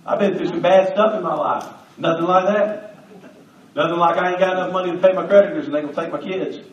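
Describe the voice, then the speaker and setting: High-voiced preacher in an echoey church. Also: male voice, fast, a little hiss or hum. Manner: emphatic, conversational preaching with humor. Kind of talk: sermon. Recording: echoey church, distant mic, slightly dull.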